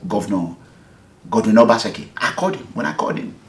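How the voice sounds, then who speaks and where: A man's voice: fairly low pitch, quick pace. A Nigerian man from Edo State, an activist, giving an interview and telling a story with emphasis, acting out both sides of the conversations he recounts. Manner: animated, emphatic, acts out the dialogue. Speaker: activist, movement leader. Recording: echoey room.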